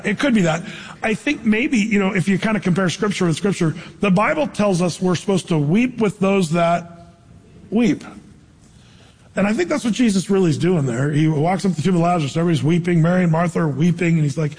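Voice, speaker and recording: A man's voice: high voice, animated, a little fast, husky. A man preaching a sermon in a conversational way, asking the crowd questions, with his voice ringing out in a large hall. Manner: conversational preaching, rhetorical questions, shifting loudness. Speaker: pastor. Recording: long hall reverb.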